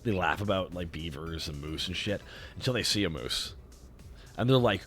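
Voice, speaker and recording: A man's voice: deep voice, a little fast, a bit bright, faint music behind. A Canadian man with a Canadian accent, hosting a stream in rambling casual chat, swearing freely and restarting his sentences. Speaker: streamer host.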